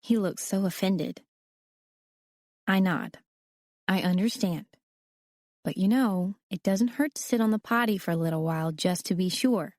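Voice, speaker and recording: A woman narrating a novel in the first person in a steady, conversational storytelling manner. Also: mid-range voice, a little slow, long pauses, no echo, studio quality. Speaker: audiobook narrator.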